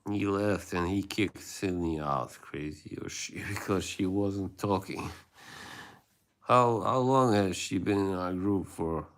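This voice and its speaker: A man's voice: sits low, takes it slowly. A man hosting a livestream, rambling in casual chat with his viewers and laughing often. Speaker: livestream host.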